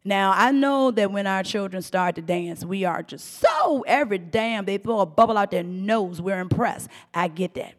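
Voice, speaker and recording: A middle-aged woman hosting a profane, animated commentary rant, often mimicking voices and laughing. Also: mid-range voice, normal speed, few pauses, in a large hall. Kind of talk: ranting commentary monologue.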